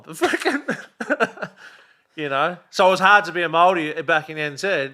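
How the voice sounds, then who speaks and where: A middle-aged Australian man talking as a podcast guest in a relaxed, blunt way, swearing freely and leaning on fillers. His voice sits a touch high for a man and sounds bright and forceful. He keeps the rhythm loose and conversational. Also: moderate pace. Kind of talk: casual chat.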